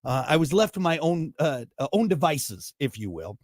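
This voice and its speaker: A male podcast host in casual chat, ranting in mock outrage. His voice is high and swoops all over the place. The sound is close and dry. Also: very animated, moderate pace, a little mellow, no room sound.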